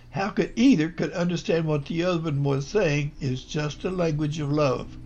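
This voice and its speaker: A man's voice: fairly high pitch, normal speed, hardly any pauses, darkish tone, muffled recording, a little hiss or hum. A man narrating a storybook tale in an earnest, homespun reading voice with small slips. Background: music.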